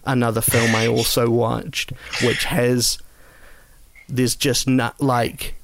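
A man's voice: medium pitch, little pitch movement, slow pace, vocal fry, a loud crowd. A man co-hosting a casual film-ranking chat, rambling and wry with self-deprecating asides. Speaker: podcast co-host.

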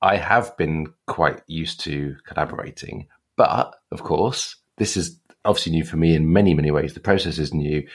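A man co-hosting a podcast over a video call, speaking slowly and thoughtfully with frequent restarts. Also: rumbling low, husky. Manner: thoughtful, slow, hesitant, with restarts. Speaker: podcast co-host.

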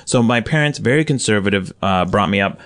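A young man chatting casually, telling a lively story. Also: on the low side, brisk. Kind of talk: casual chat.

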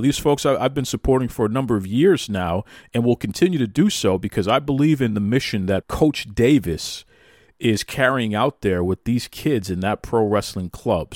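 A man hosting a podcast, chatting casually in animated, mock-outraged banter. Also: medium pitch, no echo, studio quality. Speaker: podcast host. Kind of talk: casual chat.

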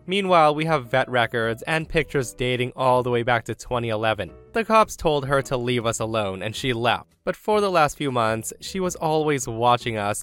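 A man's voice: mid-range voice, a bit bright. Man reading online stories aloud. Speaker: story narrator and commentator.

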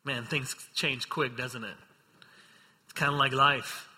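A man's voice: medium pitch, fairly even intonation, slow, bright, forceful tone, slightly rough. A man preaching a sermon, reading scripture aloud and then expounding on it, acting out the quotes with growing intensity. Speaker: pastor. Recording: long reverb of a hall.

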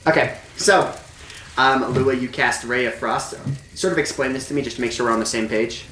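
Game master, male, relaxed rambling narration, recorded in an echoey room away from the mic. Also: mid-range voice, normal speed, distant mic, background noise. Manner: loose, filler-heavy narration with frequent "like".

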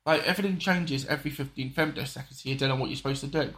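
A man's voice: mid-range voice, very fast, a bit bright. A man in casual conversation, rambling and restarting his sentences with frequent apologetic asides. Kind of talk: casual political chat.

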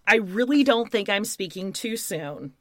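A woman's voice: mid-range voice, expressive, unhurried, fairly bright tone, no echo. A woman co-hosting a casual podcast, keen and running the segments, steering the chat down the list. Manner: enthusiastic, runs the show's segments. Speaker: podcast co-host.

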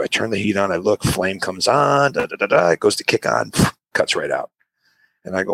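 A man's voice: on the low side, animated, brisk, gravelly, a bit bright, breathy edge, no echo. A man in a casual chat, telling a rambling, laid-back story and acting out what people said.

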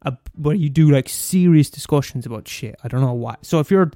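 A student radio host in his twenties with an Irish accent rants in a brisk, fairly high voice, cursing freely through a casual, animated monologue. The recording has no echo.

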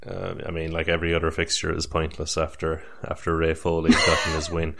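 A young man with a very deep, low voice hosts a casual podcast. He teases and swears freely and stumbles into restarts. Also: monotone, a little fast, gravelly, a bit bright. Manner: teasing, sweary, stammering restarts. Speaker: podcast host. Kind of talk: casual chat.

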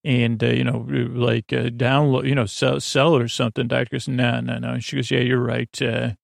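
Halting man retelling a story, gravelly. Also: medium pitch, little pitch movement, no room sound, studio quality. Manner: halting, many fillers and restarts, quotes characters loosely. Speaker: podcast host retelling an episode. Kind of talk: sleepy casual retelling of a story.

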